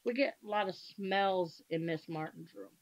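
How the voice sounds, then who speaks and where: A woman's voice: mid-range voice, moderate pace, gravelly, muffled recording. A woman on a radio show explaining her ghost-hunting methods in a matter-of-fact, casual way. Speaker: paranormal investigator guest.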